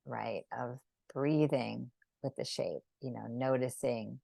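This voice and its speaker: Low gravelly woman teaching drawing. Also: fairly even intonation, no room sound. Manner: gentle, unhurried, frequent "right?" checks. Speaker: sacred geometry teacher. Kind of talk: live online drawing lesson.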